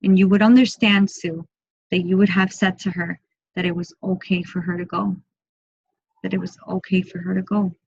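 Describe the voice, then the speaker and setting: A woman working as a medium, giving an online group reading in a soft, slow, repetitive way and often speaking in first person for the spirit. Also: on the low side, flat delivery, creaky, breathy edge, no room sound, lo-fi sound.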